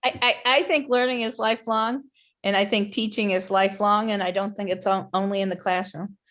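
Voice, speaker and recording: A woman's voice: medium pitch, fairly even intonation, fairly quick, a bit bright. A woman in a faculty discussion, answering a question thoughtfully. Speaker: faculty participant. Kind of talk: discussion over video call.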